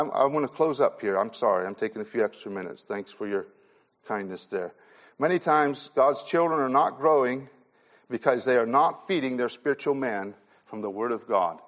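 A man pastor preaching a sermon to young people, earnest and repeating key phrases for emphasis, often dropping soft and low in sorrowful passages. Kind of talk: sermon to a youth conference.

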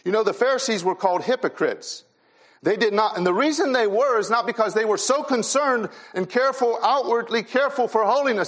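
A man pastor preaching a sermon to young people, earnest and repeating key phrases for emphasis, often dropping soft and low in sorrowful passages. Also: a little fast. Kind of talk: sermon to a youth conference.

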